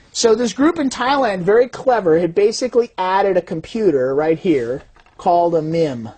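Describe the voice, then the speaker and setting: Husky-voiced woman giving a lively explanatory talk and acting out the voices she quotes. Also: mid-range voice. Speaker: fraud detection systems designer.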